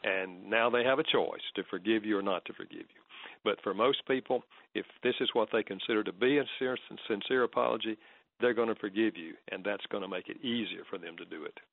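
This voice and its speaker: Low calm guy explaining things on a talk show, phone-line sound, dry. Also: fairly quick, vocal fry, no room sound. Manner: calm, explanatory, quotes others in low soft tones. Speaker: guest author and counselor. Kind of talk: radio talk interview.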